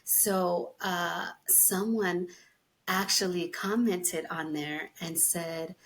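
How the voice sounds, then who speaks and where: A woman's voice: on the low side, steady tone, extremely slow, a bit bright. A woman in her forties with a slight East Coast accent, hosting and telling a story in casual chat. She laughs often and acts out other people's voices. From New Jersey, USA. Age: 40s. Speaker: podcast host.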